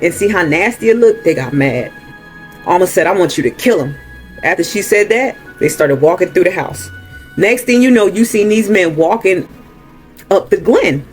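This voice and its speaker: Chatty man retelling a movie. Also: high voice. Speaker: movie recap host. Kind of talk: casual story time.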